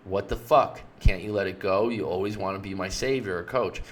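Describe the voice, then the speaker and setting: An annoyed girlfriend who gives short, clipped answers, read by a man. The voice stays low and everyday. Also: brisk, slight background noise, close to an everyday voice. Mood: curt.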